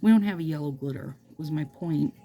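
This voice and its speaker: Faint music plays behind this low-pitched, mellow-voiced woman from Minnesota as she briskly chats with her viewers. She applies nail strips while rambling playfully and making asides in her casual nail vlog.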